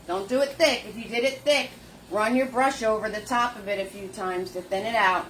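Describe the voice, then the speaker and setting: A woman leading a live painting lesson, chatty and warm with viewers, greeting them by name in sing-song hellos. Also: mid-range voice, normal speed, slight background noise. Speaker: painting instructor.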